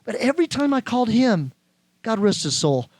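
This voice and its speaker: A man with a fairly high voice hosting a podcast, pressing his motivational points again and again with preachy emphasis. He is recorded close and dry. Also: sing-song, moderate pace, a little mellow, dry recording. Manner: emphatic, preachy, repeats himself. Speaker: podcast host. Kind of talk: motivational casual chat.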